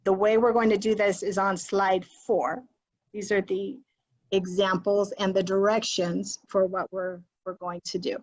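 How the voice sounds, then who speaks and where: The recording is muffled, coming from a computer mic on a video call, as a woman teacher, an adult with a child, guides other educators through an online workshop. She speaks unhurriedly in a mid-range, level voice, friendly and encouraging, with Spanish phrases sprinkled in.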